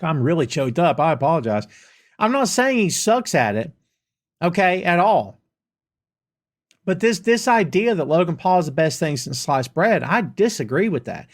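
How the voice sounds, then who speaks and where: A middle-aged man hosting a podcast, reading out viewer questions and answering them with playful sarcasm in a relaxed live chat. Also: high voice, unhurried. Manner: reads viewer comments aloud and reacts with playful sarcasm. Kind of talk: casual live-stream chat.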